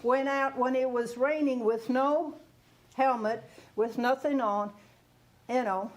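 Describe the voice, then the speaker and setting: A woman in her fifties speaks about grief as a guest, giving a conversational teaching talk in English, which isn't her first language. Her voice is high-pitched, steady and slow. She laughs often and checks whether listeners can hear her.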